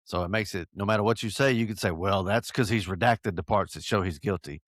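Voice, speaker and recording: A man from North Georgia with a Southern accent, hosting a casual podcast, an animated storyteller who acts out quotes and chuckles. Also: fairly low pitch, fairly quick, no echo, studio quality. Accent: Southern American. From North Georgia, USA. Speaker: podcast host.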